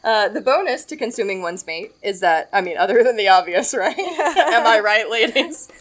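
A woman's voice: medium pitch, expressive, a little fast. A woman hosting a podcast, explaining facts in casual chat and laughing often. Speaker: podcast host.

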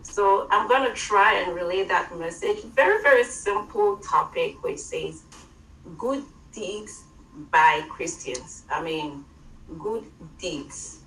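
A woman with an African accent giving an informal online sermon from home, halting, with many fillers and restarts. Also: mid-range voice, animated, a bit bright, echoey room, recorded from a distance, a little hiss or hum, low-quality recording. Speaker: church teacher.

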